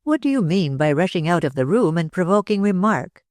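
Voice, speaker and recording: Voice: mid-range voice, sing-song, fairly quick, no room sound, studio quality, natural voice. Narrator voicing a scornful stern aunt. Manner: sharp, scornful. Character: stern domineering middle-aged aunt.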